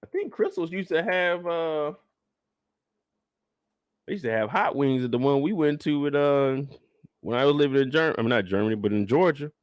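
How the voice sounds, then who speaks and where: A man hosting a live after-show stream, reacting to a TV episode in animated, joking, casual commentary aimed straight at his viewers. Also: a little high, moderate pace, long pauses, clear, resonant tone, no room sound, clean studio sound. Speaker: host reviewing a TV episode.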